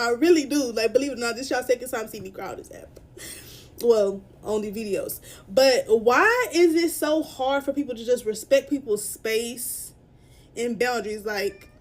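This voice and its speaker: Upset young woman telling a story. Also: high-pitched. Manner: upset, halting, full of fillers and restarts; tearful at moments. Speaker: vlogger. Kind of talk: emotional storytime vlog.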